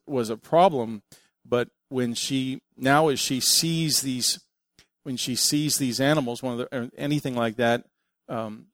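A middle-aged man preaching a sermon, telling family stories in an animated way and acting out what people said. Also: medium pitch, vocal fry, no echo. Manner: animated storytelling, acting out quotes. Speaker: pastor.

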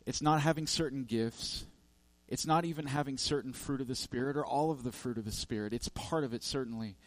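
A man's voice: medium pitch, brisk, dry recording. A man preaching a sermon, telling a parable with emphatic, repetitive lists and frequent restarts. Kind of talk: sermon storytelling.

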